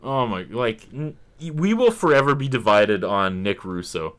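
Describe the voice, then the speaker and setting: A man's voice: lowish voice, measured pace. A man co-hosting a podcast in casual chat, joking and laughing often. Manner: animated, laughs often, jokey. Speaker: podcast co-host.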